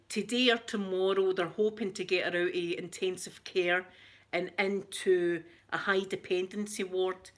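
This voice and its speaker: A middle-aged woman with a Scottish accent, hosting a casual live chat, chatty and quick to laugh, often repeating herself. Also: fairly low pitch, fairly bright tone. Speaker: livestream host.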